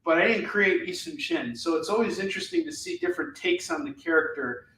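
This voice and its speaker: Excited man selling comics in echoey room. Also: high-pitched, brisk. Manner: enthusiastic, rambling with fillers. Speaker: live shopping show host selling comics. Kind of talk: casual live sales chat. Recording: echoey room, mic at a distance, faint noise.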